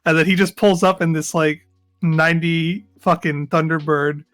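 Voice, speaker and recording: A man's voice: on the high side, fairly even intonation, moderate pace, fairly bright tone, dry recording, faint music behind. A man telling a laid-back, profane story in a casual chat among friends. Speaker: podcast co-host.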